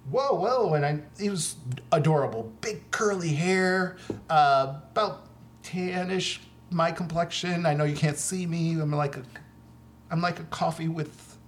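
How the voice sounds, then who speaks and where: A man's voice: on the high side, measured pace. A man co-hosting a podcast, telling stories in casual chat with frequent laughter. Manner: animated storyteller, laughs often. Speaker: podcast co-host.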